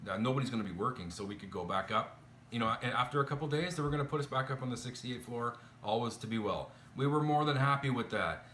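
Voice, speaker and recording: A chatty man recounting a frustrating hotel stay straight to camera, exasperated and full of ums and uhs. His voice is bright and forward, and the room around him rings with echo. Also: mid-range voice, fast, slight background noise. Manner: chatty, exasperated, lots of fillers. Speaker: vlogger. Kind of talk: casual complaint storytelling to camera. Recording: echoey room.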